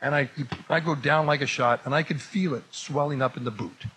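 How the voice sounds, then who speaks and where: A man telling a comic story to an audience, acting out every exchange and rising to shouts as it builds. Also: a little high, a little fast, a little hiss or hum, rough recording. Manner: animated, acts out the dialogue, voice rising to shouts at the climax.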